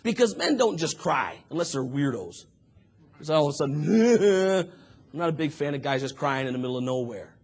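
A man preaching a sermon, moving from quiet talk to shouted fervor and acting out prayers and voices as he tells the story. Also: fairly high pitch, sing-song, normal speed, breathy edge. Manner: acts out prayers and dialogue in the telling.

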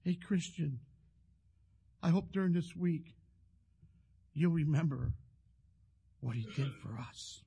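Husky-voiced preacher telling a story. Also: male voice, a little high, takes it slowly, pauses often, dark tone. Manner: storytelling with restarts and repeated words. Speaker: pastor. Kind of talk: sermon.

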